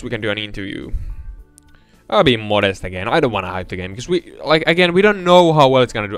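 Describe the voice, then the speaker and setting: A young man giving casual let's-play commentary, rambling between mumbled asides and loud excited outbursts. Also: fairly low pitch, no room sound.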